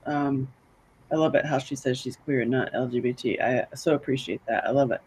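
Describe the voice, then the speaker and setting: A woman co-hosting a casual podcast chat, telling stories in an animated way and often laughing. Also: rumbling low, fairly quick, husky, low-quality recording. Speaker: podcast co-host.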